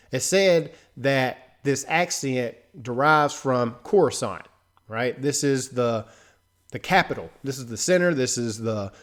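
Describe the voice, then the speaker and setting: A man hosting a casual commentary video, talking loosely and conversationally with frequent filler asides. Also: mid-range voice. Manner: loose and conversational, fills with "right?" and "you know". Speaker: host. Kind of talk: casual commentary on a film trailer.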